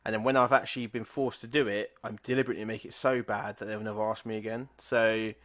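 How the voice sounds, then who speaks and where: A man in his thirties from England with a lowish voice, co-hosting a casual podcast. He drifts from one anecdote to the next, swearing freely and laughing along. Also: fairly even intonation, fast, fairly bright tone. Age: 30s. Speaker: podcast co-host. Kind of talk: casual chat.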